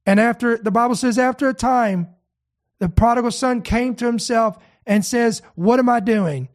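A woman's voice: on the high side, fairly even intonation, moderate pace. Fervent woman preaching on a talk show. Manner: fervent, quoting scripture. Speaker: co-host. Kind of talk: preaching commentary.

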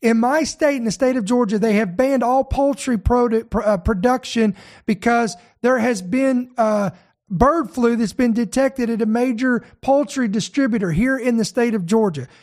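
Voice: medium pitch, moderate pace, a little mellow. A podcast host giving news commentary, reading articles aloud. The host stops often to stress single words and repeats phrases while talking.

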